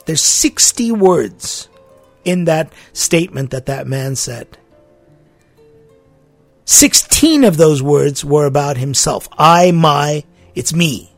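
A man preaching a sermon, emphatic and deliberate, repeating his key phrases for weight. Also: fairly high pitch, expressive, creaky, no echo, faint music behind.

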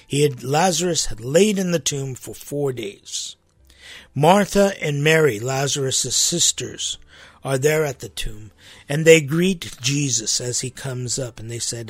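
A man's voice: medium pitch, unhurried, no room sound, soft background music. A man hosting a Christian podcast, teaching on Scripture in a conversational, emphatic way with frequent asides and restarts.

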